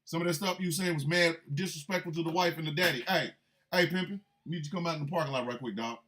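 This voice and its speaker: A man's voice: a little high, fast, a bit bright, natural voice. A man playing a riled-up male senator who keeps calling a rival out to the parking lot, with insistent, repetitive taunting.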